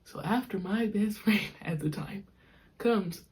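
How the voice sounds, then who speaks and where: A young woman hosting a podcast, telling a personal story in an animated, slangy, frank way. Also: mid-range voice, unhurried. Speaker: podcast host. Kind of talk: casual storytelling.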